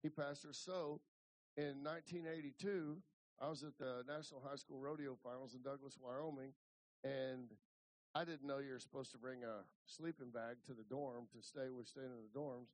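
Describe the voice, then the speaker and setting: A man's voice: mid-range voice, steady tone, moderate pace, poor audio. A man in his fifties from Ohio, preaching a folksy, rambling storytelling sermon full of restarts. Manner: rambling, repeats words and restarts.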